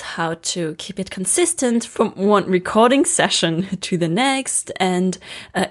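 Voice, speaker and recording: A woman listener leaves a recorded voice message, asking her question slowly and with curiosity. Her voice sits in the middle range. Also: mid-range voice.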